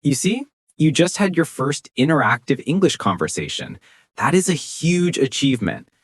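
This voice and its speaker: Encouraging teacher with a lively pitch. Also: no echo, clean studio sound. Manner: encouraging, with slow and clearly spoken example phrases. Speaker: English teacher. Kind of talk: scripted beginner language lesson.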